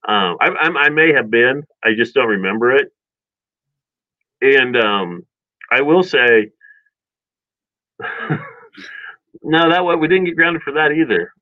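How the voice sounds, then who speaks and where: A man casually telling childhood stories in a rambling, animated way, with many restarts and chuckles. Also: mid-range voice, slow, pauses often, no room sound. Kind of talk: casual storytelling chat. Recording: dull dry lo-fi sound.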